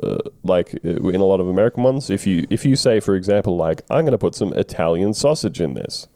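Low-voiced Australian man, casual podcast chat. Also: animated, a little fast, mellow, no echo. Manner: laid-back, sweary, rambling. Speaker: podcast co-host.

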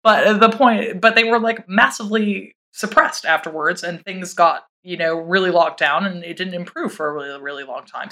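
A woman historian, a podcast guest, talking in casual, wry chat with quick asides and swearing. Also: fairly low pitch, sharp tone.

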